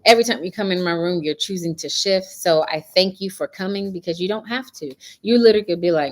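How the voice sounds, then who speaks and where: A woman's voice: on the low side, fast talker, hardly any pauses, a little mellow. A middle-aged woman hosting a casual spiritual talk, telling stories with animation and a preachy edge. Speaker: host.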